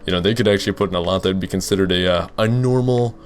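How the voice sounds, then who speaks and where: A young man with a slightly low voice chats casually through a gaming Q and A, rambling and restarting his sentences. A faint steady hum sits under his home mic recording. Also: racing. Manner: rambling, full of fillers and restarts. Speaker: gaming YouTuber. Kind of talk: casual Let's Play commentary with Q and A.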